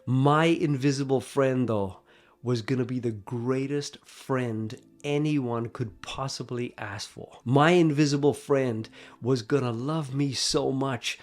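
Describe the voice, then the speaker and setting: A man telling a personal faith story in an expressive, dramatic way, moving between hushed and emphatic delivery. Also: mid-range voice.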